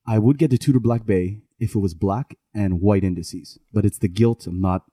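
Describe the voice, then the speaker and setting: A man's voice: lowish voice, normal speed, mellow, husky, no room sound, studio quality. A man co-hosting a podcast, chatting casually and rambling through stories with frequent self-corrections. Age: middle-aged. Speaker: podcast co-host. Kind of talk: casual chat.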